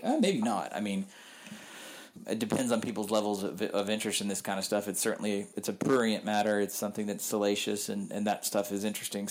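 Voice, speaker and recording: A man's voice: lowish voice, slight background noise. A man working as a sports reporter, talking candidly in a casual podcast interview, rambling, with frequent ums.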